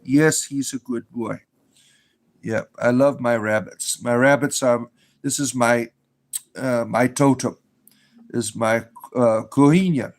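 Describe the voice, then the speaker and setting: A man's voice: medium pitch, fairly even intonation, takes it slowly, pauses often, poor audio. A man hosting a casual livestream on a phone, answering viewer comments in a rambling way with many fillers and restarts. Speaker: livestream host.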